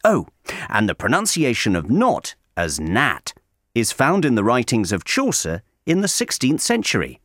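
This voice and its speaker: Male correspondent, scripted learner-audio read, wry and measured, very lively pitch, dry close sound. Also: no echo. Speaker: correspondent reading a regular letter. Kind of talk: scripted narration for English learners.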